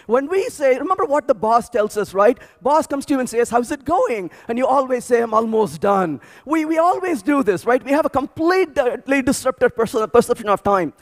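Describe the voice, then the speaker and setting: A man speaking at a programming conference, telling animated stories with frequent restarts and repeated words. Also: very high voice, brisk, hardly any pauses. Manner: animated storytelling with many restarts. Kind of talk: energetic tech conference talk. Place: large conference hall.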